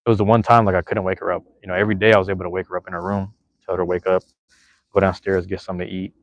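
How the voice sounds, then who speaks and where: A man's voice: sits low, level tone, rapid-fire, dry recording, dull audio. A man in his thirties, a podcast host, rambling and swearing casually while reading chat, with many restarts.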